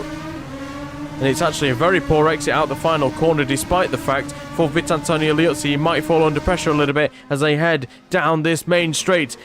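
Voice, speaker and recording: A man commentating a racing game on a casual livestream, chatty and rising in excitement when incidents happen. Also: a little high. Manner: chatty, rises excitedly at incidents, asides to chat.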